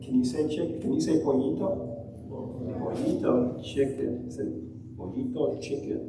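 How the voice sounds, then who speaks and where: A man addresses a congregation in a relaxed, friendly way, drawing them into call-and-response. His voice comes from far off in a very echoey hall, with clear background noise. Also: fairly high pitch, normal speed. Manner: friendly, call-and-response, chanting word pairs. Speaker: lay service leader. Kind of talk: casual talk to a congregation, teaching a song. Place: fellowship hall.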